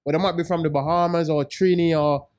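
A man with a high voice, riffing through jokes and stories in casual podcast talk. His speech is full of street slang. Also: steady tone, fast, darkish tone. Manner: joking, slangy, storytelling. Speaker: podcast co-host.

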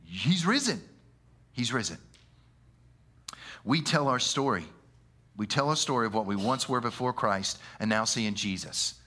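A man preaching a sermon in an animated, conversational way, using slang and often stumbling over repeated words. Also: fairly low pitch, normal speed. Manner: animated, conversational, with slang and frequent stammered restarts.

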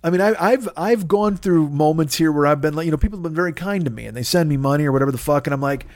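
High-voiced man in a profane rant. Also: very fast, a little mellow, no room sound, clean studio sound. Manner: profane, sarcastic, exasperated. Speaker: podcast host. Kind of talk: ranting monologue.

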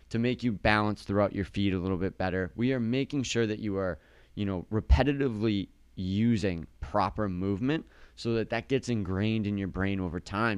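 A man's voice: on the low side, clear, resonant tone, dry recording. A male fitness coach co-hosting a casual podcast, talking in an upbeat coaching tone with a slight lisp from a sore tongue.

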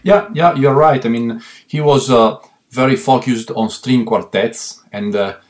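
A man with an Italian accent, a guest on a remote call, speaking English as a second language with many pauses and restarts. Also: medium pitch. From Italy. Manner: halting, many fillers and restarts, earnest. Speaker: guest musician. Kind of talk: interview answers.

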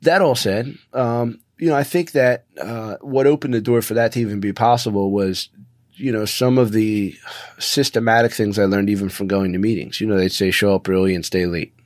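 A man in his thirties speaking as a podcast guest, earnest and halting, with many restarts. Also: fairly low pitch, steady tone, a little mellow, dry recording, studio quality. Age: 30s. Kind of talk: conversational interview.

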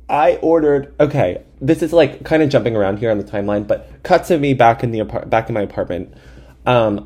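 A man in his twenties hosting a podcast, telling comic stories about himself in an animated, self-mocking way and swearing freely. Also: on the low side. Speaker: podcast host. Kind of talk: comedic storytelling monologue.

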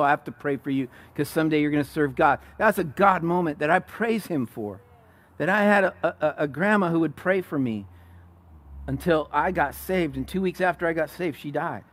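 A male pastor delivering a sermon in a voice pitched a little high. He retells the story with animated energy, acting out the quotes and stumbling into restarts as he goes. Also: normal speed.

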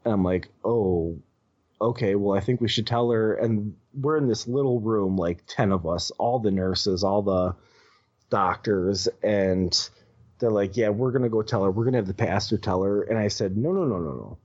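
A man telling a personal story as a podcast guest, halting with many restarts and casual swearing. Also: fairly low pitch, darkish tone. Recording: dull lo-fi audio.

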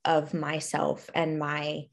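A woman's voice: low-pitched, monotone, slow pace, vocal fry. A young woman who is pregnant, co-hosting a casual faith conversation, reflective, with frequent small laughs and fillers. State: pregnant, expecting first child.

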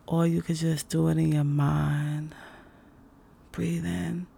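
A woman with a low, dark, deeply gravelly voice gives an unhurried self-help talk. She is casual and slangy, leans on fillers, and drops to a soft whisper when she demonstrates breathing exercises. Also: level tone. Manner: laid-back and slangy, with many fillers.

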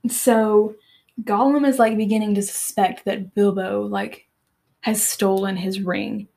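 A woman's voice: mid-range voice, lively intonation, a little slow, gravelly, warm tone. A teenage girl hosting a podcast, retelling and reading aloud from a book in a chatty, filler-heavy way. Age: teens. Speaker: podcast host.

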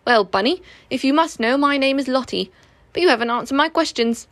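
A woman's voice: high-pitched, brisk, fairly bright tone, no room sound, voice pushed up. Woman doing a haughty vain lady otter. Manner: haughty and demanding. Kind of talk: storybook reading.

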